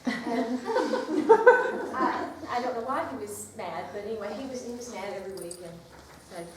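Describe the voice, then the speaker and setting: A woman teacher leading a workshop, chatting lively and reading a picture book aloud to a group. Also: medium pitch, moderate pace, crowd noise. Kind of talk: classroom workshop talk. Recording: echoey room from far off with noise.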